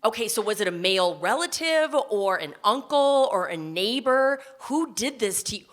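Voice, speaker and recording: A woman's voice: on the high side, expressive, moderate pace, a bit bright. A woman telling a personal story on stage, in a vivid, emotional present-tense retelling.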